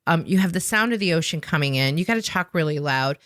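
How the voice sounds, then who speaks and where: Speaking fast with lively intonation, she has a low-pitched, fairly bright voice captured dry at studio quality. The woman, a sales trainer who came from improv, delivers an energetic, emphatic podcast explanation and keeps asking "right?" after her points.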